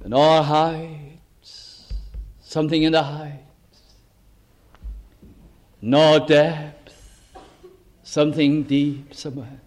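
A man preaching a sermon, working deliberately through rhetorical questions and drawn-out lists of words. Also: fairly high pitch.

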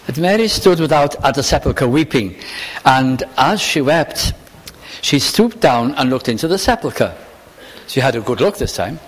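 A man preaching a sermon, reading scripture in old-fashioned wording and asking the listeners questions. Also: medium pitch. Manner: reads scripture in King James wording, then speaks plainly to the listeners; asks the listeners questions often. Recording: long hall reverb.

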